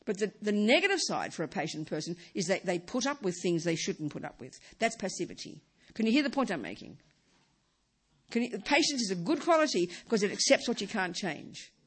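A woman gives a Buddhist dharma talk in a mid-range voice with a breathy edge, big pitch swings, and a fairly quick pace. She speaks in bursts, repeating and restarting phrases and repeatedly posing rhetorical questions to her listeners.

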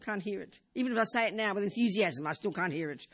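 An older woman giving an informal Buddhist teaching in a medium-pitched, conversational voice. She sprinkles in "you know," asks her listeners rhetorical questions, and moves between emphatic lines and quiet, hushed ones. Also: expressive, fast talker. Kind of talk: informal dharma talk.

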